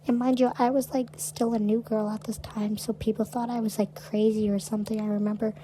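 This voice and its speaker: Young woman co-host, mellow tone, loose chatty storyteller who says "like" a lot. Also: on the high side, little pitch movement, brisk, slight background noise, poor audio. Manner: chatty, peppers speech with "like". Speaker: podcast co-host. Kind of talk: casual storytelling chat.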